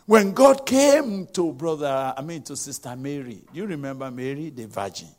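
A man's voice: fairly high pitch, expressive, moderate pace, darkish tone. A man preaching a sermon, telling scripture stories dramatically and acting out the voices in quotes.

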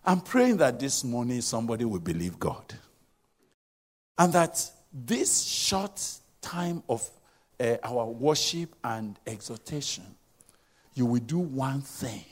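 A man's voice: medium pitch, slightly rough. A man preaching a sermon, telling scripture stories dramatically and acting out the voices in quotes.

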